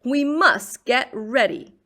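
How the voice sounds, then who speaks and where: Lady reading out a fussy farmer guy, slow and stern, kinda high voice, storybook. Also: expressive, bright, forceful tone, full character voice. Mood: firm. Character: fussy earnest male farmer.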